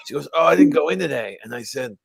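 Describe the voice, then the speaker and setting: A middle-aged man from the US East Coast with a gravelly, fry-heavy voice talks in a dry, rambling way and often repeats words. He is a stand-up comedian on a live video chat. His voice is close to the mic with no room sound. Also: mid-range voice, animated, fast, dry recording. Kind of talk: casual chat.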